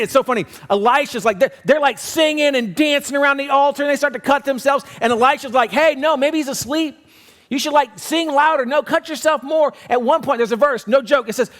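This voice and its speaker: A man preaching a sermon as pastor, animated, acting out quoted voices and dropping to quiet, low lines for emphasis. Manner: acts out quoted voices, quick conversational delivery.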